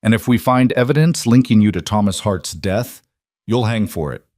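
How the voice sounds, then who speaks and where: A man voicing a firm, flat-spoken male territorial marshal, low-voiced and dry. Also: moderate pace, no echo, natural voice.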